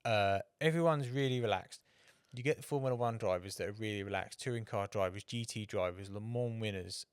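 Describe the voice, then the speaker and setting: This motorsport podcast co-host tells rambling anecdotes and swears freely in casual chat. His fairly low voice runs a little fast with hardly any pauses. The tone is clean, without echo, in clean studio sound.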